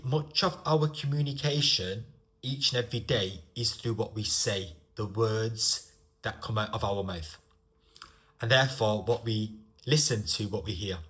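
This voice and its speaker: A man with a northern English accent, giving an online English lesson with slow, deliberate explanations. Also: mid-range voice, bright, forceful tone. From northern England. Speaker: English teacher.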